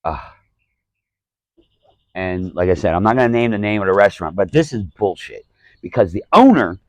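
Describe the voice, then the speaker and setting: A man's voice: deep voice, expressive, normal speed, a little mellow, no echo, rough recording. A man telling a profane, exasperated story about a show as a stand-up comedian. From Alabama. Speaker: stand-up comedian, podcast host. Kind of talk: casual storytelling rant.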